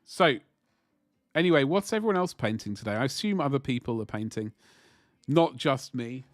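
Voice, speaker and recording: Animated and moderately paced, with long pauses, a man in a mid-range voice hosts a relaxed livestream. He paints miniatures at his desk, rambling and chatting with viewers as he works.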